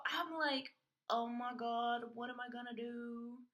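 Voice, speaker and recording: A young woman hosting a podcast, telling a personal story in an animated way and acting out the voices of others in it. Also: on the high side, a little slow. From Florida. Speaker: podcast host.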